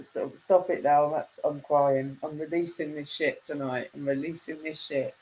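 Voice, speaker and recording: A woman's voice: low voice, steady tone, moderate pace, warm tone, rough recording. A woman chatting casually on a live stream, reading viewers' comments and bantering with them, laughing often.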